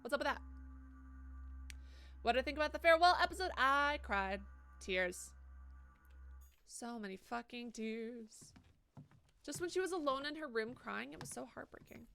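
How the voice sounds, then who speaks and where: A woman's voice: high voice, animated, normal speed, gravelly, pauses often, bright, forceful tone, soft background music. A woman live-streaming a game, chatting casually, swearing freely and reading viewers' messages aloud. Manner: swears freely, reads chat aloud and reacts to it. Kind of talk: casual live-stream chat while gaming.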